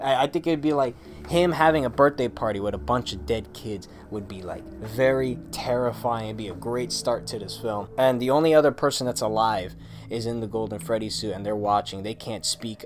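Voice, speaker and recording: A man giving a casual, excitable monologue, emphatic and full of swearing. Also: medium pitch. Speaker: video creator.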